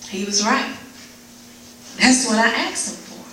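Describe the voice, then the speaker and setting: A woman giving an emotional, dramatic spoken word performance at a live event, moving between hushed and pleading delivery. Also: a little high, measured pace. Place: live event before an audience. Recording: very echoey room, mic far off, faint noise.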